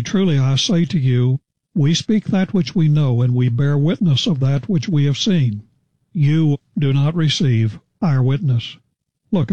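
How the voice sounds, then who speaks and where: Measured man teaching Bible. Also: a little high, dark tone, dry recording. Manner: measured, explanatory, paraphrasing scripture conversationally. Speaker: preacher. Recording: slightly dull, lo-fi.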